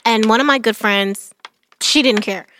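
A young woman co-hosting a casual chat, chatty and quick to laugh. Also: a little high, fairly bright tone, a little hiss or hum. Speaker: podcast co-host.

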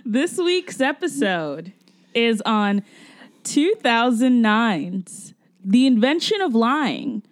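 A woman's voice: fairly high pitch, big pitch swings, slow pace, dry recording. A woman hosting a podcast, chatting in a rambling, giggly way. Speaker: podcast host. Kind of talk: casual chat.

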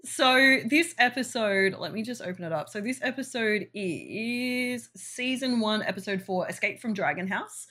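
A woman's voice: a little high, animated, normal speed, few pauses, sharp tone. A young woman co-hosting a podcast, recapping a show in casual chat with sarcastic asides and frequent laughter. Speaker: podcast co-host.

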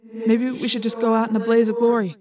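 A woman voicing a restless teenage boy who speaks forcefully and defiantly. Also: on the high side, level tone, brisk, far from the mic, music in the background, close to an everyday voice.

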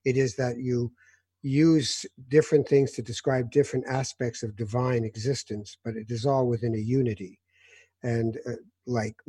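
A man hosting an interview, speaking in a thoughtful, measured way and gently interjecting. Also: mid-range voice, husky, no room sound, studio quality. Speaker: interview host. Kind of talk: conversational interview.

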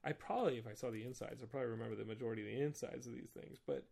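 A man hosting a podcast alone, rambling in an excited, nostalgic, self-mocking way. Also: medium pitch, rapid-fire, creaky. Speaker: podcast host. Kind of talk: casual solo podcast talk.

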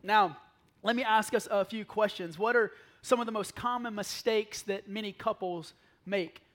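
A male pastor with a notably high voice delivers a sermon in a church. He tells animated, playful stories and sometimes drops to a near whisper for an aside. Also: moderate pace. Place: church sanctuary.

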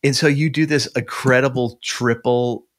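A man's voice: mid-range voice, fairly even intonation, moderate pace. A man, a podcast guest, chatting casually and retelling a story, with many restarts and fillers. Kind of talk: casual chat.

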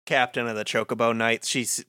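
A man's voice: mid-range voice, normal speed, smooth. A man co-hosting a casual podcast, talking loosely with many fillers as he recaps a game. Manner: relaxed, hesitant, filler-heavy.

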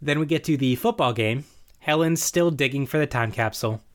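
A man's voice: fairly high pitch, a little fast. Male co-host, casual, acts out quoted lines while recapping. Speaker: podcast co-host recapping a show. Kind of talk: casual chat.

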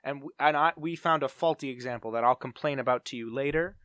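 A man's voice: medium pitch, fast, a bit bright, dry recording, clean studio sound. A man co-hosting a podcast, chatting in a jokey, theatrical, rambling way. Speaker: podcast co-host. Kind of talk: casual comedic chat.

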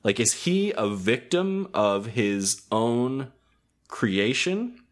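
A young adult man hosting a relaxed podcast chat about a cartoon episode, hesitant with many ums and frequent laughter. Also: medium pitch, drawn-out words. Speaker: podcast host. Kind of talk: casual chat.

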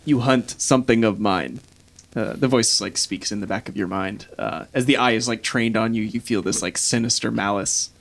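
A man's voice: on the low side, steady tone, a little fast, vocal fry, few pauses, fairly bright tone. A man running a tabletop game as game master, narrating loosely with lots of fillers.

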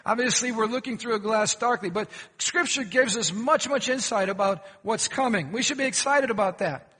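A man's voice: sits high, moderate pace, bright, forceful tone, breathy edge, big-room sound. A pastor preaching a sermon, questioning his congregation and telling folksy jokes. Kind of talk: sermon with humorous stories. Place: church sanctuary.

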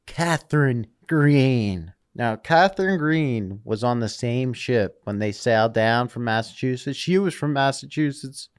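Dude reading history notes on a podcast, swearing a lot, smooth clean voice, dry room. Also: male voice, medium pitch, lively intonation, unhurried, few pauses, dry recording. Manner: reads from notes then riffs with crude jokes. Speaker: podcast co-host. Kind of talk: casual history podcast chat.

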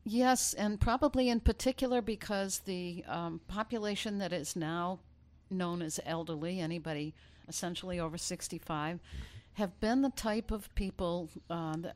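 A woman, an attorney guest, explaining legal processes in a measured way with frequent ums. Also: fairly low pitch, darkish tone. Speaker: elder law attorney guest. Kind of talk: interview answers.

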